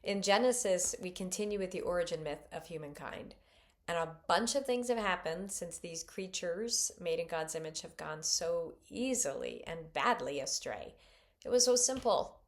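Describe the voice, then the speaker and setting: A middle-aged woman giving a spoken scripture reflection, expressive and earnest, acting out quoted voices with sudden lifts. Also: lowish voice, moderate pace.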